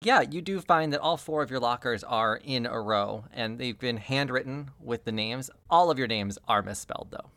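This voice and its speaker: A man narrating a tabletop game as game master, matter-of-fact and deadpan. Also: medium pitch, normal speed, few pauses, no echo.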